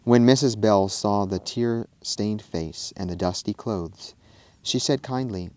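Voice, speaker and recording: A man, a minister, reading an old-fashioned storybook aloud in a steady, plain way. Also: fairly low pitch, slow pace.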